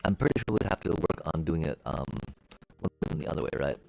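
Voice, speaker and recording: A man streaming a building game, musing aloud to his chat in a relaxed way and making playful beep-boop noises as he works. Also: a bass voice, brisk, creaky, faint music behind. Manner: chatty, musing aloud, makes beep-boop sound effects. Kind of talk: casual gameplay commentary to live chat.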